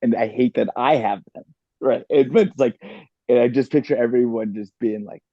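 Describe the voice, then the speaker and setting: A man as a podcast guest over a video call, excitable and rambling. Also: mid-range voice, normal speed, dry recording, muffled recording. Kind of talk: casual chat.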